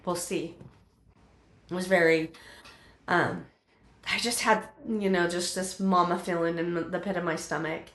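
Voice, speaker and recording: A middle-aged woman telling her personal testimony in an interview, halting, with many fillers and restarts. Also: on the low side, steady tone, a bit bright, echoey room.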